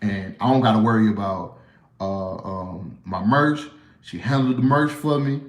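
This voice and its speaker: A man's voice: lowish voice, a little slow, reverberant. A man with a Southern US accent answering viewer questions in a casual livestream, blunt and profane, rambling with frequent restarts.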